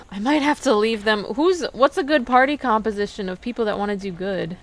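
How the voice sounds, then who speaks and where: A woman's voice: a little high, brisk, hardly any pauses. Woman gamer, casual and wry commentary, lightly raised voice, faint music in the mix. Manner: chatty, sarcastic asides. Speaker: gaming streamer. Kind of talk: casual let's-play commentary.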